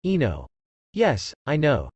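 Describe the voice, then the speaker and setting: A man's voice: a little high, huge pitch swings, slow, darkish tone, husky, no echo, lo-fi sound, exaggerated voice. A man voicing a confident young ninja who talks bluntly and matter-of-factly.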